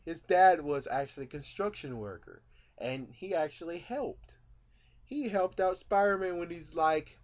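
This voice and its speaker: Rambling man reacting to a movie. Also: medium pitch. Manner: rambling, full of fillers and asides; gets excited and louder when retelling scenes. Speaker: vlogger. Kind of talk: casual movie reaction vlog.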